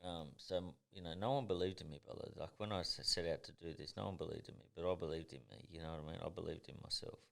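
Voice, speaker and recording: Speaking fast with hardly any pauses, this Australian man has a deep, steady, slightly bright voice with vocal fry. He's a boxer in his thirties from Tasmania, casually telling podcast stories in a blunt, intense, heavily profane manner.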